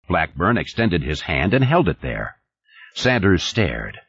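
A man narrating an audiobook in a measured, expressive way. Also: sits low, husky, dry recording. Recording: dull lo-fi audio.

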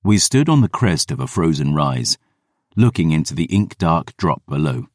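A man narrating a fantasy audiobook in a measured, dramatic reading. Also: a bass voice, very animated, a little mellow, dry recording, clean studio sound.

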